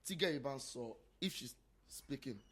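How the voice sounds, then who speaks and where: A man's voice: medium pitch, lively intonation, normal speed, fairly bright tone, breathy edge. A Nigerian man co-hosting a podcast, arguing in casual chat and switching between English and Yoruba. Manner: interrupting, mixes English and Yoruba. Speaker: podcast co-host.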